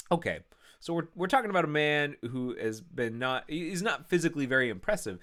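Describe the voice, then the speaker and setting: Lively man reading a classic novel. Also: on the high side, brisk. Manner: chatty, animated asides between passages. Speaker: co-host and reader. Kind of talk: reading a novel aloud with casual chat.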